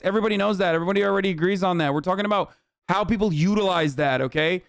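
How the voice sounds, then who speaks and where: A man's voice: high voice, very fast, clean tone, no room sound. A man streaming reaction commentary, ranting in a heated, profane and sarcastic way into a close mic. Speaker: live streamer.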